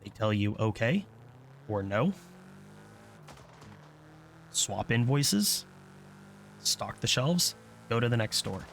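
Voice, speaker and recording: A man's voice: fairly low pitch, big pitch swings, takes it slowly, creaky, pauses often, fairly bright tone, a little hiss or hum. A man telling a casual, candid story in a vlog, blunt and profane, acting out what other people said. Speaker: vlogger.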